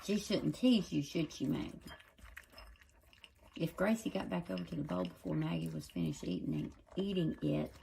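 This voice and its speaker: A woman's voice: sits low, sing-song, normal speed, creaky, warm tone, slight background noise. A woman filming at home with a phone camera, coaxing and scolding her dogs in pet-talk. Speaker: dog owner filming her pets. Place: home indoors.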